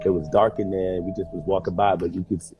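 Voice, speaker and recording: Casting: man, casual storyteller, animated, music clearly under the voice. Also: low-pitched, quick pace. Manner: animated storyteller, laughs often, mimics others.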